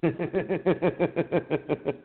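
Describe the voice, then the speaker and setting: A man co-hosts a podcast, joking around in casual chat with a profane, laughing manner. His voice is on the high side, steady, very slow and creaky, and the audio sounds tinny, like a phone.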